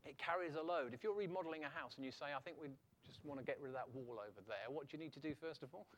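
A middle-aged man preaching a sermon in an animated way, throwing rhetorical questions back at his listeners. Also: fairly high pitch, fast.

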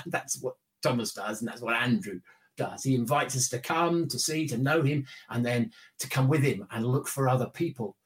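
A man's voice: mid-range voice, fairly quick. A man preaching a sermon in a conversational way, repeating his key phrases. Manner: conversational, repetitive, with light chuckles.

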